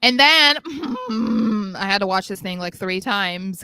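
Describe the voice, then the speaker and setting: A young woman chats excitedly on a podcast, often giggling and rambling as she gets carried away. Her voice is bright and forward. The sound is dry and close. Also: medium pitch, slow, dry recording. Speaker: podcast co-host. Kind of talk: casual chat.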